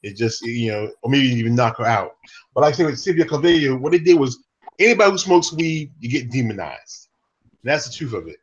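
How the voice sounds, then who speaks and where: Man, husky voice, relaxed rambling podcast talk. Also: medium pitch, fairly quick, lo-fi sound. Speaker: podcast co-host. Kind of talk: casual MMA chat.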